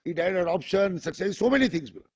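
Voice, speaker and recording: A lawyer with an Indian English accent pleads his case before the bench, dropping a deferential "my lord" into almost every sentence. His voice sits high for a man and has a husky, grainy edge. He moves between his own argument and passages he reads aloud from a judgment. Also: animated, quick pace, a little mellow. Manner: formal, addresses the bench as "my lord" constantly. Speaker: lawyer arguing before a court. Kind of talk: courtroom argument.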